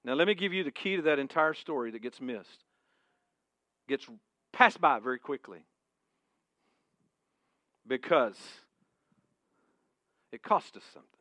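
A male pastor preaching a sermon to a congregation in a church room, emphatic and moving between booming and hushed. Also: expressive, measured pace, pauses often, dry recording.

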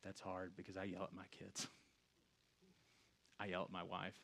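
A man in his thirties, a pastor giving a casual, conversational sermon that swings from hushed reflection to loud storytelling. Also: deep voice, completely flat delivery, measured pace, gravelly, husky.

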